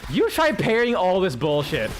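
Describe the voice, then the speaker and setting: A tired man chatting casually while streaming a game, rambling and excitable, swearing and laughing often. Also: sits high, moderate pace, a little hiss or hum. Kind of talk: casual gaming stream chat.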